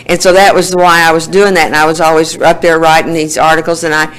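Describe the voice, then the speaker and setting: A woman's voice: low-pitched, little pitch movement, fast talker, clean tone, rough recording. A woman in her sixties with an Oklahoma accent, telling her life story in a folksy way at a recovery meeting, laughing often. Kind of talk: personal testimony.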